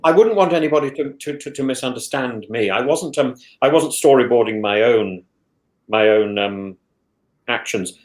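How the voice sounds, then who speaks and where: A man in casual podcast talk, speaking haltingly with many stammered restarts. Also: medium pitch, darkish tone. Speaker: guest, former contestant. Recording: roomy echo.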